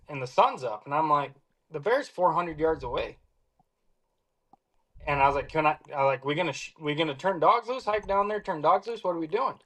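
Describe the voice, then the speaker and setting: A man telling a hunting story in a casual, lively way, acting out the lines he quotes. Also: medium pitch. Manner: animated, acts out quoted lines. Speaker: hound hunter telling a story.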